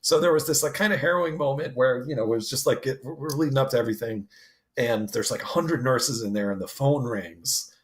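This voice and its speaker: A man co-hosting a podcast, telling stories in a laughing, animated way and acting out what people said. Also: medium pitch, fairly quick. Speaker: podcast co-host. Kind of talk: casual storytelling.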